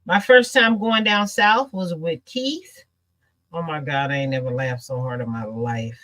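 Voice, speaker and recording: A woman from the who hosts a sewing channel, chatting casually, telling lively stories and laughing often. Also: deep voice, measured pace, rough recording. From American Midwest. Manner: animated storyteller, laughs often. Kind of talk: casual chat.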